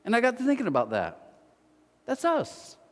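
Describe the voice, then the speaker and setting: Animated male pastor, lively voice, hall reverb. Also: very high voice, normal speed. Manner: animated storytelling with playful asides. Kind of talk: sermon. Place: church auditorium.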